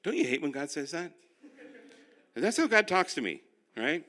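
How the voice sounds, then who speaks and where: An older male pastor teaching a finance class, telling animated, self-deprecating stories. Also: on the high side, moderate pace. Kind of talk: sermon-style finance class.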